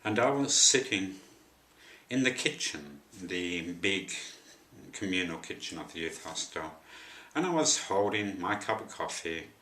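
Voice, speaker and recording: Speaking to camera in an echoey room, a low-voiced man shares a personal story and keeps drifting into dry, wry asides. Though his voice is deep, it comes across bright and forceful, with lively intonation and an unhurried pace.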